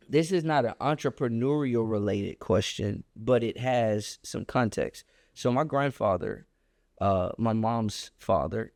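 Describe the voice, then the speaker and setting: A man telling a personal story on a podcast, animated and emphatic in a casual, colloquial way. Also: creaky, dry recording, clean studio sound. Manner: animated, emphatic storyteller with a wide pitch swing; casual and colloquial, reflective when making his point.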